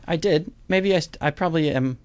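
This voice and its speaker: A man's voice: fairly high pitch, brisk, a little mellow, no echo. A young man hosting a podcast in casual chat, easygoing, laughing often and asking playful questions. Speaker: podcast host.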